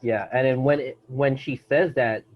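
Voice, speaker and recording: A man's voice: medium pitch, steady tone, normal speed. A man hosting a podcast, chatting casually about a movie, rambling with many fillers and restarts. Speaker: podcast host. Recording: dull lo-fi sound.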